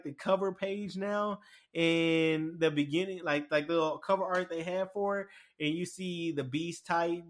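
A man chatting casually and excitedly about a show, rambling with lots of fillers and restarts. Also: on the high side. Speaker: anime commentator. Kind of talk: casual chat.

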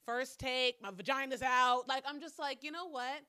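A woman's voice: sits high, moderate pace, bright, forceful tone, clear, resonant tone. A woman hosting her own podcast alone, talking bluntly with plenty of swearing as she vents. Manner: blunt, profane, venting. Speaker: podcast host. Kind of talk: solo podcast chat. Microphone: camera mic.

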